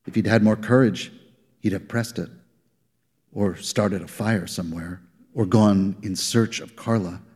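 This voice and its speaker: A man giving a live literary reading with measured, dry storytelling, recorded live in a reverberant hall. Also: on the low side, steady tone, a little mellow, slightly rough. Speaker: reader.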